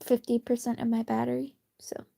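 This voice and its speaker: A woman chatting casually on a late-night phone livestream from her bed, rambling and self-deprecating, sometimes dropping to a soft whisper. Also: a little high, monotone, brisk, gravelly. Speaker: streamer. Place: cozy bedroom at night.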